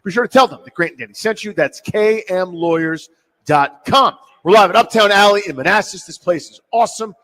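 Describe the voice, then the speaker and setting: A man hosting sports talk radio, animated and jokey in casual talk. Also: high-pitched, brisk, rough recording.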